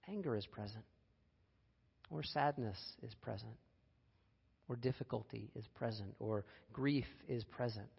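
A man's voice: mid-range voice, gravelly. Earnest man preaching in a reverberant hall. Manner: earnest and personal, with wry asides. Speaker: speaker giving a reflective talk. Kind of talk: conversational sermon. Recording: dull recording with long hall reverb.

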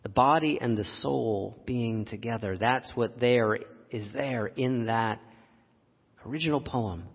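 A man preaching a sermon, telling a personal story with frequent laughs and an animated delivery. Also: mid-range voice, unhurried, husky. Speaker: pastor. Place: church sanctuary. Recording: dull lo-fi audio, long hall reverb.

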